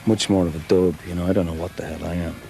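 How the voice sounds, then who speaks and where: Guy thinking out loud, deep flat voice, music in the back. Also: very fast, gravelly. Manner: reflective, musing. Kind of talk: interview.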